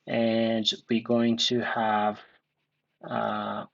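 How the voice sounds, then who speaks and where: A man teaching a coding tutorial, thinking aloud with many fillers and restarts, recorded in a dark room at his computer. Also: lowish voice, monotone, very slow, gravelly, lo-fi sound. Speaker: coding instructor.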